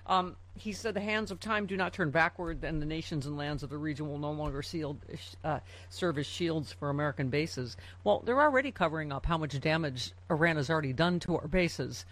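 A woman's voice: low voice, lively intonation, fairly quick, few pauses. A woman hosting a news talk show, reading headlines aloud and adding sarcastic asides with frequent fillers.

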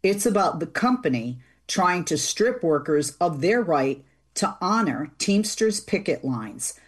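A woman's voice: lowish voice, very animated, measured pace, breathy edge. A woman hosting a talk show, chatty and easygoing, with plenty of fillers and restarts. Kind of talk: casual radio interview.

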